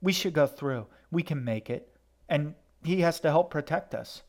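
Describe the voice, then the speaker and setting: A man's voice: a little high, moderate pace, pitched above the performer's own voice, lightly acted. Man reading aloud, doing a small stubborn girl in a storybook, raised voice, shaky and pleading. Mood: upset. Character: frightened stubborn little girl. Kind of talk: audiobook character voice.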